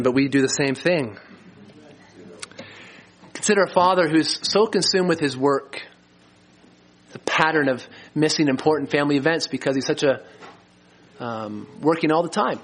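A middle-aged man preaching a sermon as a pastor, earnest and slowing down to stress key lines. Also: a little high, fairly bright tone. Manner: earnest, slows for emphasis.

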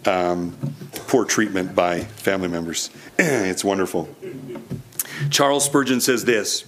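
A man's voice: deep voice, a little slow. A young man preaching a sermon, telling a personal story earnestly with frequent restarts.

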